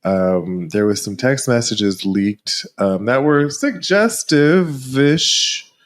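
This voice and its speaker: A man's voice: medium pitch, lively intonation, slow. A man co-hosting a podcast in casual chat, explaining a topic carefully and hedging with frequent ums. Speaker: podcast co-host.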